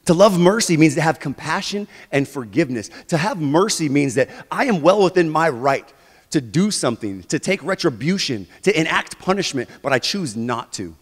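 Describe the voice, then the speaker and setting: A man preaching a sermon as pastor, animated, moving between quiet and loud passages. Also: fairly high pitch, moderate pace, long reverb tail. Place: church sanctuary.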